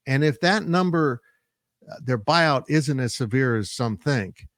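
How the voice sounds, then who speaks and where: A male sports analyst discussing college football in a measured, analytical way, with frequent "uh" fillers. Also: medium pitch, dry recording, clean studio sound. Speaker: sports site publisher and analyst.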